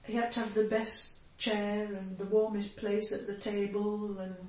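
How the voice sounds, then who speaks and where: An older woman from reminisces in a gentle, halting way, full of fillers. She sits far from the mic in a very echoey room, and the sound is dull. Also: mid-range voice, flat delivery. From Sheffield area, England. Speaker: interviewee. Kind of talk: oral history reminiscence.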